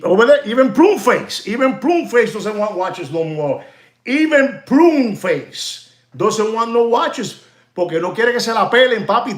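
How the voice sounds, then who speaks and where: A man hosting a watch channel, ranting to his viewers in an animated, repetitive way and slipping into Spanish phrases. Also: sits high, reverberant. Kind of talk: livestream rant to viewers.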